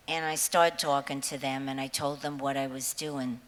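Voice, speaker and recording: Speaking slowly in a low, steady voice, a woman in her seventies chats onstage to a concert crowd, telling rambling stories. She's a singer, nervous ahead of her set, who laughs often and swears without holding back. The big hall sounds echoey, with a faint hiss underneath.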